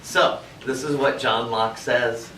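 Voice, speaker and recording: A man doing a soft, slow impression of a gentle children's TV host, recorded from far off in an echoey classroom. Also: mid-range voice, steady tone, a little hiss or hum. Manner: slow, soothing, addresses listeners as boys and girls.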